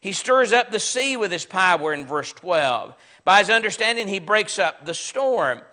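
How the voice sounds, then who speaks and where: A Southern-accented man leads a Bible class, his voice bright and sharp, ranging up and down with emphatic, conversational energy. He sits high in pitch for a man and drives his points home. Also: animated, normal speed. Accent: Southern American. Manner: conversational, emphatic, acts out sarcastic quotes. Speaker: preacher.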